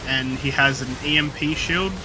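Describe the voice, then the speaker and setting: A man co-commentating a live game stream in a joking, drawn-out way. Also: medium pitch, fairly even intonation. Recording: noisy background.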